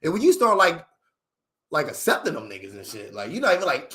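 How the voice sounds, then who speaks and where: A young man tells a story in loose, profane street talk. His voice sits fairly high and swings widely as he acts out what others said, jumping between his own lines and theirs. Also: wildly swooping pitch, fast, sharp tone. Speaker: vlogger telling a story to live viewers. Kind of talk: casual storytelling.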